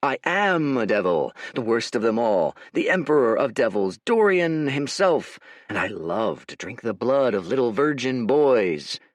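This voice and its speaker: A man's voice: medium pitch, very animated, measured pace, hardly any pauses, dry recording. A man voicing a smug, impatient male hero with dragon blood, talking in a dry, mocking way. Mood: mock-menacing.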